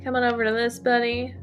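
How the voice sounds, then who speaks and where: A woman hosting a livestream, chatting casually and warmly while playing game entries. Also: mid-range voice. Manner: relaxed, friendly, laughs easily.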